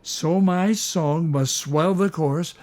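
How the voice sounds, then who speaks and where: A man's voice: on the high side, a little mellow. Older man explaining hymn harmony. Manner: enthusiastic, sings melody fragments, slows for emphasis. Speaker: host, music teacher. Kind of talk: casual teaching chat.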